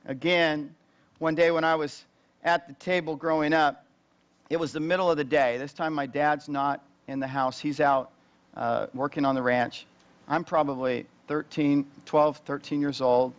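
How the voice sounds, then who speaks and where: A man who is a pastor, preaching a sermon in a conversational, storytelling way, growing louder and higher as he relives tense moments. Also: highs cut off. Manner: conversational, rising loud and high when retelling tense moments.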